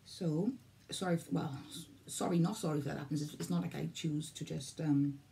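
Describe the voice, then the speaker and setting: Welsh woman vlogger, 40s, dark gravelly voice, rambles and repeats herself. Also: low-pitched, steady tone, moderate pace, slight background noise. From Wales. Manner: rambling, repeats herself, loses her thread. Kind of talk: casual vlog talk to camera.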